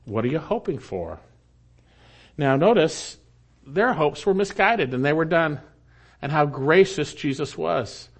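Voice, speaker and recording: A man pastor preaching a sermon in an earnest style, climbing in pitch on emphatic points and falling low and quiet on asides.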